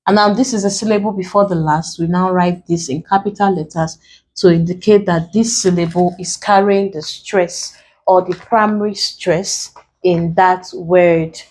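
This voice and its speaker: A woman's voice: on the low side, fairly even intonation, normal speed, darkish tone, poor audio. A woman from Nigeria teaching an exam-prep English lesson, spelling out letters one by one and explaining each step. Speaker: English tutor.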